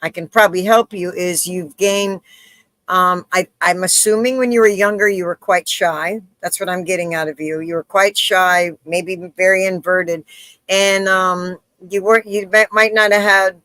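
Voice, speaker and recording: A woman hosting a live interview, telling stories in an animated way and acting out the voices of the people in them. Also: lowish voice, moderate pace, dry recording. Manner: animated storyteller, acts out quoted voices. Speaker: interview host. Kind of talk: casual live interview chat.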